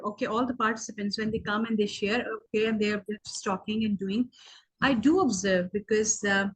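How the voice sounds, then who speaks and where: A woman's voice: mid-range voice, husky, low-quality recording. A woman whose first language is Urdu, talking earnestly in a casual video meeting and rambling with many "okay" fillers. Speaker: meeting participant.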